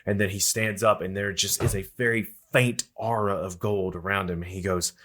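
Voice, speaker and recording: A man narrating and running a tabletop role-playing game as game master, describing scenes in a relaxed way. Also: fairly low pitch. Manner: relaxed, descriptive, quick with questions.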